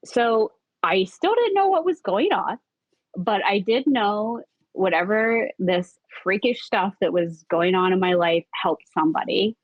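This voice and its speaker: A woman guest on a podcast telling a story in a casual, animated way, jumping up in pitch when she acts out what people said and swearing now and then. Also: unhurried, dry recording. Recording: dull lo-fi recording.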